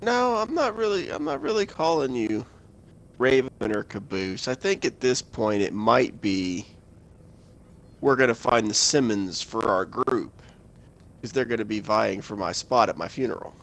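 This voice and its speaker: A man's voice: lowish voice, lively intonation, unhurried, creaky, fairly bright tone. A young man streaming a game, bantering with a friend in a profane, joking way. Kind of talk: casual gaming chat.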